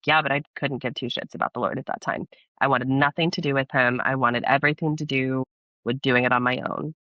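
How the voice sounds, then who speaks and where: Bright-voiced young woman telling her story. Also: low voice, no echo. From Texas. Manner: earnest, animated, laughs often while telling her story. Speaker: podcast guest. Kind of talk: candid personal storytelling in casual interview.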